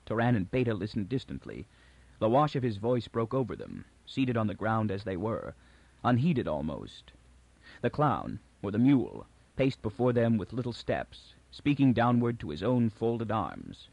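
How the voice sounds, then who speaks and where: A man narrating a science fiction audiobook in an even, clear storytelling way. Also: fairly low pitch, normal speed, dry recording, lo-fi sound.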